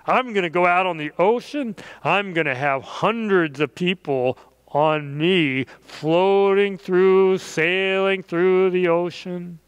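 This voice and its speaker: A man's voice: sits high, slow, smooth, no echo, highs cut off. A man voicing a huge boastful ship in a children's story, mocking and bragging.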